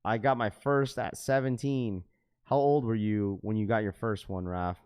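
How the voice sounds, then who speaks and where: A man's voice: on the low side, fairly even intonation, moderate pace, a little mellow, clean tone. Slangy man hosting a sneaker livestream. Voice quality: slangy, says "bro" often. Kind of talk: casual livestream chat.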